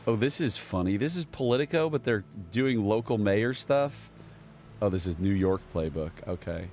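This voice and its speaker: A man with a lowish voice rambles through political news with biting sarcasm, reading headlines aloud and talking back at them. A faint hiss of noise sits under the recording. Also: lively intonation, moderate pace, darkish tone. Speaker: political commentary streamer. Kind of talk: casual political commentary.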